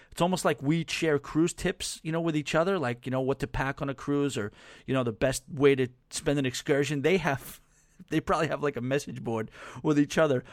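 A man's voice: on the high side, fairly quick, dry recording, studio quality. A man hosting a podcast, telling stories in a chatty, rambling way with lots of fillers and chuckles. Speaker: podcast host. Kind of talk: casual podcast storytelling.

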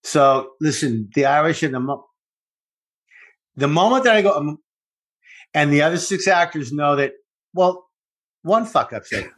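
A middle-aged man co-hosting a podcast, bantering in animated, profane casual chat. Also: fairly high pitch, a little slow, pauses often. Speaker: podcast co-host.

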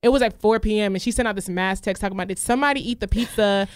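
A woman casually telling a story among friends, animated, slangy and blunt. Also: medium pitch, rapid-fire, clean tone, dry recording.

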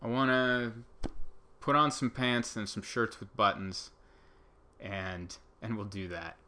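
A man doing a casual comedic monologue, rambling and exasperated, jumping into high mock outbursts. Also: fairly even intonation, slow pace, pushed and bright. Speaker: comedian host.

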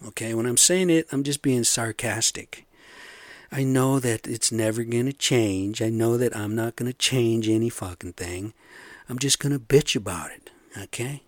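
A man ranting in a profane, sarcastic monologue, swinging between loud outbursts and low muttering. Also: dry recording.

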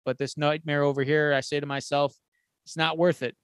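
A man with a slightly raised pitch retells a war movie scene by scene in a loose, chatty way. He keeps dropping into the characters' lines as he goes. The sound is dry and close to the mic. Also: fairly quick, clear, resonant tone, dry recording. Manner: animated storyteller acting out quotes with swearing. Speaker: podcast co-host. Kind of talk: casual retelling of a film plot.

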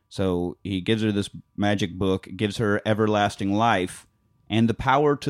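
A man's voice: lowish voice, normal speed, no echo, studio quality. A man co-hosting a podcast, recapping a film in a casual, joking, profane way. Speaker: podcast co-host. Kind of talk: casual movie recap chat.

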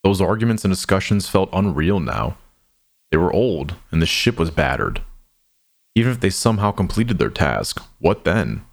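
A man narrating an audio drama in a measured, somber storytelling manner. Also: low-pitched, big pitch swings, gravelly.

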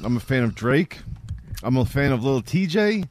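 A man's voice: medium pitch, sing-song, moderate pace, no room sound. A man chatting casually, rambling with restarts and the odd curse. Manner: loose, rambling, with restarts and swearing. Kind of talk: casual podcast chat.

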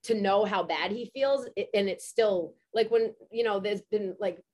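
A woman podcast host telling a story in a casual chat, animated and swearing freely. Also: mid-range voice, normal speed.

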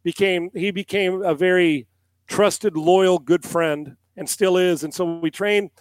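A man's voice: high-pitched, fairly even intonation, a little slow, no echo. A middle-aged man, a former quarterback and analyst, telling a long story on a podcast, acting out quotes and swearing casually.

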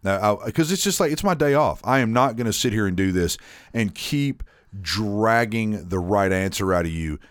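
A man's voice: fairly low pitch, expressive, moderate pace, dry recording, studio quality. A man co-hosting a podcast, telling a story in casual chat, swearing freely and restarting often. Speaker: podcast co-host.

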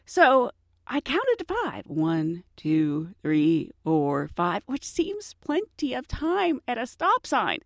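A woman hosts her own show with a personal storytelling monologue, chatty and self-mocking, often breaking into laughter. Her voice sits a little high and swoops around a lot. The sound is dry with no room echo. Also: huge pitch swings, slow pace. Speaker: podcast host.

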